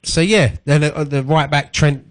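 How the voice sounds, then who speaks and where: A man's voice: on the high side, fairly even intonation, measured pace. A man with a Cockney accent co-hosting a radio show, talking football in an easygoing, jokey way. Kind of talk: casual football chat.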